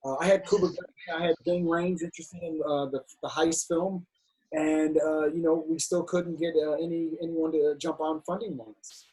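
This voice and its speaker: A middle-aged man with a slightly husky voice sits for an interview and tells his story candidly. His pitch sits a bit higher than most men's, and he often stumbles and restarts a phrase before pushing on. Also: steady tone, normal speed, mellow, rough recording. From United States, Cincinnati. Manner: frank, talks through restarts and stammers. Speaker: filmmaker and actor, guest.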